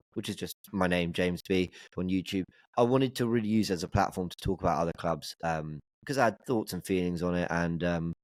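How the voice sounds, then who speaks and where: A man's voice: low-pitched, dry recording. A man guesting on a football podcast, chatting casually with wry, sarcastic asides.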